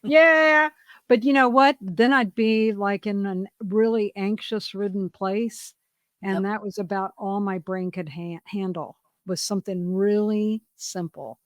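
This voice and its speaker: A woman's voice: medium pitch, a little slow, dry recording. Middle-aged woman, podcast co-host; candid storyteller, dry recording. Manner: open, confessional storytelling with lively re-enacted quotes. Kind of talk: candid casual chat.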